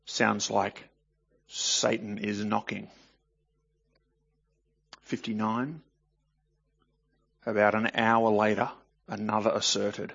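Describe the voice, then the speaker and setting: A man's voice: on the low side, little pitch movement, slow pace, creaky, pauses often, a bit bright, husky, dull audio. A man reading scripture aloud and commenting on it in a conversational way, often asking the listener rhetorical questions. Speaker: Bible teacher.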